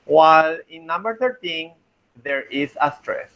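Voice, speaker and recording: A man teaching a linguistics class, talking slowly and thinking aloud as he works through examples. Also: a little high, animated, fairly bright tone, rough recording. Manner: slow, thinking aloud while writing, frequent "okay" and "let me see". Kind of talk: online class lecture.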